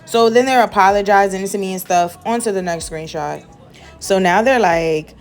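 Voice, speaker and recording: A young woman from the Bronx, telling a casual, animated storytime for her vlog in a slangy, sassy way. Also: medium pitch, moderate pace, soft background music. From the Bronx, New York. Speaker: nail and beauty vlogger.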